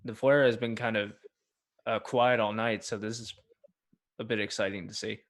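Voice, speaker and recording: A man's voice: lowish voice, flat delivery, normal speed. A man hosting a casual late-night livestream, chatting in a friendly, appreciative, rambling way. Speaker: livestream host.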